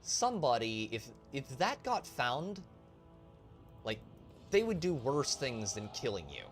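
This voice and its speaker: A man's voice: mid-range voice, huge pitch swings, unhurried, faint music behind. A man streaming a role-playing game, reading game logs aloud and commenting casually, with the odd swear word. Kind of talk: casual let's-play commentary.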